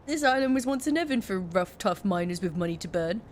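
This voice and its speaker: A woman's voice: mid-range voice, animated, fairly quick, a little hiss or hum, lightly acted. A woman voicing a grumbling, washed-up old male pub landlord, reading game dialogue aloud. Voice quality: grumbling, self-pitying.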